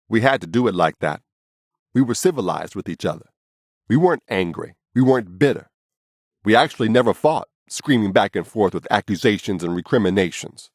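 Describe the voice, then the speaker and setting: Male memoir narrator, low register, street-blunt and unfiltered, dry booth sound. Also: expressive, a little fast, no echo. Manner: blunt, casual and profane storytelling.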